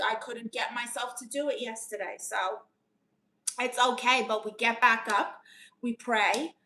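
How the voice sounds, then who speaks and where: A woman with a New York accent, her voice bright and forceful and pitched a little high. She chats on a live stream, reading out viewers' comments and answering each one in a playful auntie manner, calling people honey. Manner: chatty, calls viewers honey, playful aunt persona. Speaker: live streamer giving advice.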